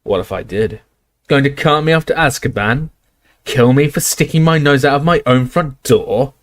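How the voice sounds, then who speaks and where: A man voicing a gruff, belligerent old barman who bellows and scoffs. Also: mid-range voice, normal speed, voice pushed up, natural voice. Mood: defiant, roaring. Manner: bellowing, scornful, defiant.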